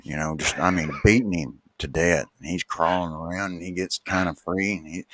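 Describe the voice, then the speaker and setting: A man telling a long folksy joke, acting out the characters' voices and climbing to a high squeal at the punchlines. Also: moderate pace, hardly any pauses, fairly bright tone, dry recording.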